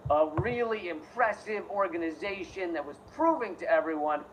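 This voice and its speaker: A man's voice: high voice, animated, normal speed, lo-fi sound, noisy background. A man in a played clip delivering a sardonic, scornful political commentary monologue.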